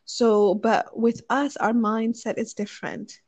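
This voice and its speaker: A woman's voice: fairly high pitch, steady tone, a little slow, a little mellow, no room sound. A young woman chatting casually, thinking aloud with many fillers and restarts as she gives marriage advice. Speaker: speaker sharing advice on marriage. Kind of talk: casual chat.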